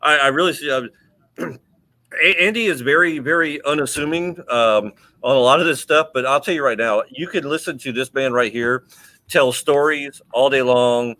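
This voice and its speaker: Host guy on a livestream, bright sharp voice, dry close mic, keeps restarting his sentences. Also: mid-range voice, normal speed, dry recording, low-quality recording. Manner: enthusiastic, stumbling restarts. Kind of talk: casual livestream chat.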